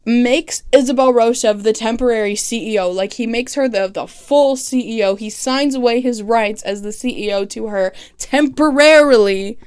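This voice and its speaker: On the high side with a clean tone, this woman recaps a TV series for her vlog in a chatty way. She mixes animated sarcasm with free swearing and rapid character mimicry.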